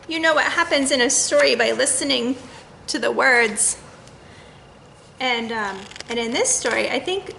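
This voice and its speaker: High, bright-voiced woman reading to children. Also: creaky, reverberant, slight background noise, poor audio. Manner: gentle, chatty, asks children questions; reads the quacks in a bouncy sing-song. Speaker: children's librarian. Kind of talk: online children's story time.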